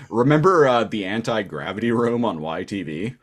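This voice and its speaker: A man's voice: fairly low pitch, big pitch swings, normal speed. A man from Canada co-hosting a podcast over a video call, laid-back and jokey, with stammered restarts. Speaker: podcast co-host. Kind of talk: casual chat.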